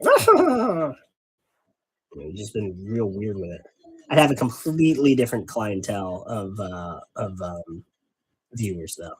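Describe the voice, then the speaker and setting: A man's voice: fairly low pitch, normal speed, a little mellow, slightly rough, rough recording. A man hosting a casual hobby stream while painting miniatures, rambling and wordy, making fun of himself. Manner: wordy, rambling, self-mocking. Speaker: host.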